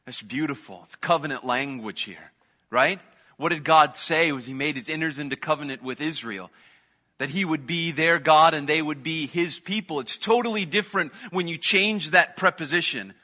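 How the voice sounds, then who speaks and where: A pastor preaching an evening sermon in a conversational way, swinging from loud emphasis to quiet asides. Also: male voice, normal speed. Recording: muffled low-fidelity recording.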